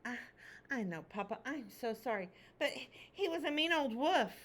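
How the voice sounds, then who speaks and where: A woman voicing an excitable little red chick in a picture book read-aloud, eager and pleading. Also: high-pitched, moderate pace.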